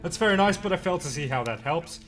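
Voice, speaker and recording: A man voicing a prim, doubtful woman scientist in a put-on higher voice. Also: expressive, quick pace, a bit bright, faint music behind.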